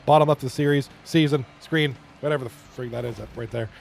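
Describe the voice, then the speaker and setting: A man calls an online hockey league stream in a loose, chatty way. He reads viewer chat aloud, swears freely and keeps clearing his throat. His voice sits at an ordinary middle pitch. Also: fairly even intonation, quick pace. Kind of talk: casual esports commentary reading chat.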